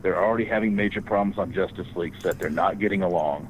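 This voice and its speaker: Lively, foul-mouthed storytelling man. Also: low voice, fast, slight background noise, low-quality recording. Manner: animated storyteller, swears freely. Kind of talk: casual podcast chat.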